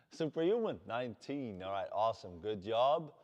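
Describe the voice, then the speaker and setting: A man with a Dutch accent leading a workout class as fitness coach, shouting energetic encouragement. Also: medium pitch, measured pace, muffled recording. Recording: long hall reverb.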